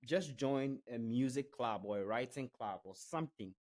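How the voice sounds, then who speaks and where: A man's voice: medium pitch, lively intonation, normal speed, a little mellow, low-quality recording. A young man from Ghana with a Ghanaian accent, talking casually as a podcast guest, chatty, laughing easily and repeating words as he restarts. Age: young adult. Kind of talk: casual interview chat.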